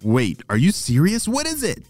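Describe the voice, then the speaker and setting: A man voicing a curious, excitable young girl with a squeaky, high voice full of questions. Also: moderate pace, no echo, soft background music.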